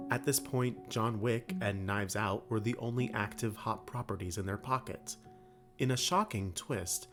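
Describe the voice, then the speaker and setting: A man narrating a scripted comedic video essay in a dry, wry manner with jokey asides. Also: mid-range voice. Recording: guitar music underneath.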